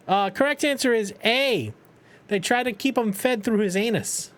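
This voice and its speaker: A man with a fairly bright, high-sitting voice streams live at a moderate pace. He chats casually and playfully, cracks jokes, swears a lot, and talks to his dog.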